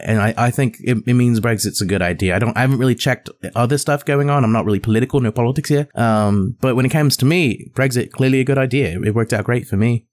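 A man improvising a clueless British t-shirt designer, rambling and halting, with a put-on accent that keeps slipping. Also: medium pitch, a little mellow, close to an everyday voice. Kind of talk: improvised comedy role-play.

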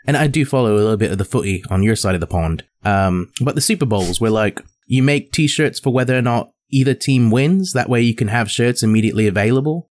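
A man improvising a clueless British t-shirt designer, rambling and halting, with a put-on accent that keeps slipping. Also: medium pitch, animated, darkish tone, no room sound, lightly acted. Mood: bumbling. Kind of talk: improvised comedy role-play.

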